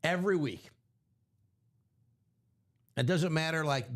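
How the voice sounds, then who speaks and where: A man's voice: fairly high pitch, lively intonation, normal speed. A man hosting a live sports card break stream, chatting casually in a rambling, self-correcting way. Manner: rambling, self-correcting, chuckles at own stories.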